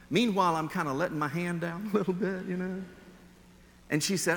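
A man preaching a sermon as pastor, telling a personal story in an earnest way and shifting between slow emphasis and quick asides. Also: sits high, fairly bright tone, big-room sound.

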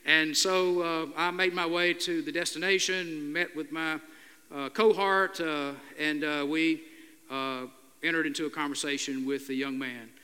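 An older man, a pastor, preaching a sermon in a halting, earnest storytelling way with many "uh" fillers. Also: fairly high pitch, steady tone, bright, forceful tone, smooth. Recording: long hall reverb.

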